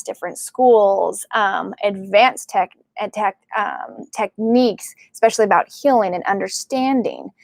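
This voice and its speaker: A woman working as a psychic medium, talking casually and excitedly to her viewers, full of fillers and "like". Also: mid-range voice, no echo. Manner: chatty and excitable, many fillers and likes. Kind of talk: casual spiritual talk to camera.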